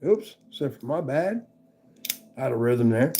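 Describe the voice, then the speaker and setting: A man with a gravelly, rough-edged voice rambles through a casual knife review on a live stream. He swears freely and keeps breaking off to greet viewers by name. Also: mid-range voice, animated, measured pace, dark tone, a little hiss or hum. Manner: rambling, profane, chatty with viewers. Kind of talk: casual livestream chat.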